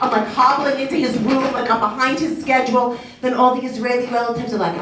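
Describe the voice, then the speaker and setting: A woman's voice: a little high, fairly even intonation, fast, few pauses, a bit bright. A middle-aged woman performing a chatty, self-mocking stand-up comedy set on a club stage. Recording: echoey club from far off, noisy.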